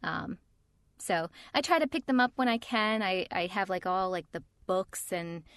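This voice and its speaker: A woman voice actor in casual chat, telling stories in a lively, animated way. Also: medium pitch, normal speed, clear, resonant tone, dry recording, clean studio sound. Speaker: voice actor, podcast co-host.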